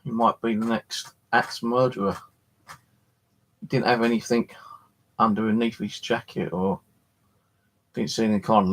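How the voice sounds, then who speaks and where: A man hosting a live stream from his flat, chatting casually in a rambling, jokey way and swearing freely. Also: fairly low pitch, unhurried, creaky, long pauses. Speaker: live streamer and paranormal channel host.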